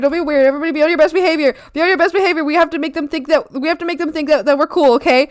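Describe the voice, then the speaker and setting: A woman art streamer chatting casually with her viewers while she draws, excitable and giggly, often squealing and pleading with her chat. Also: high-pitched, fast talker. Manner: talks to chat and greets viewers by name.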